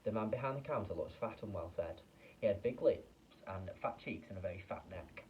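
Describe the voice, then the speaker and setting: A man, a teacher, reading a children's book aloud with expressive storytelling and small slips. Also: deep voice, a little fast, distant mic, muffled recording, a little hiss or hum.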